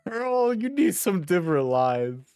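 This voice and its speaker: This streamer reacts with a swooping, animated voice, cursing freely and laughing often. The commentary is casual and incredulous throughout. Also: mid-range voice, a little slow, smooth. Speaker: streamer reacting to an award show clip.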